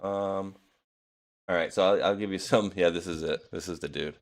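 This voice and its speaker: A man's voice: low-pitched, fairly even intonation, moderate pace. A young man with a New England accent hosting a casual chat, rambling and laughing with many restarts. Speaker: podcast host.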